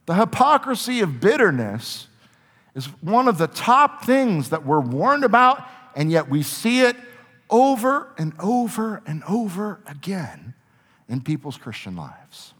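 A man preaching a sermon as a pastor, earnest, shifting between quiet reflection and forceful emphasis. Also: high voice, sing-song, unhurried, slightly rough. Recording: long reverb of a large hall.

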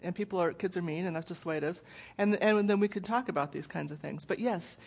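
A woman's voice: fairly low pitch, fast talker, vocal fry, darkish tone, husky. A middle-aged woman giving a parenting presentation in a conversational way, intense without raising her voice. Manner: conversational, acts out quoted voices. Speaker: parenting speaker. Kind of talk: presentation talk with slides.

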